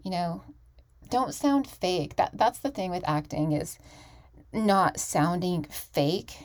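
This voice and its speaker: A woman's voice: lowish voice, slow pace. A woman hosting her own podcast and talking through a casual solo monologue in a candid, emphatic way, often restarting her sentences. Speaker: podcast host.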